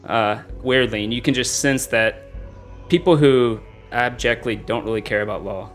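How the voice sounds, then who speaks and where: A man narrating a tabletop game as game master in a relaxed, conversational way. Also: medium pitch, moderate pace, soft background music.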